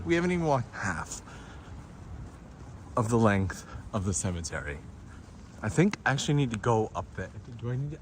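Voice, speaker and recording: A man hosting a live stream as he walks outdoors through city streets at night, telling stories in a chatty, animated way. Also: a little high, slight background noise. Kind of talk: casual live-stream walking tour.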